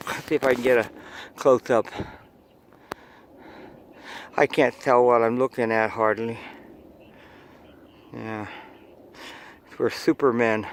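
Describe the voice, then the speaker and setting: Slow, rambling man hiking outdoors. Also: mid-range voice, slight background noise. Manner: rambling, chatty, talks to viewers while walking. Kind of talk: casual hiking vlog narration. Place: outdoors on a hillside trail overlooking a city. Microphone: phone camera held while hiking.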